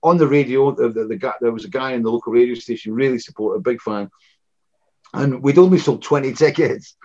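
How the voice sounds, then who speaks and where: Brief: Scottish man, 60s, interview guest, mid-pitched, loose chatty storyteller, dull lo-fi sound. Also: fairly quick. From Scotland. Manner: rambling, many restarts and "you know"s, animated anecdotes. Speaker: guest, former rock frontman. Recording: dull lo-fi recording.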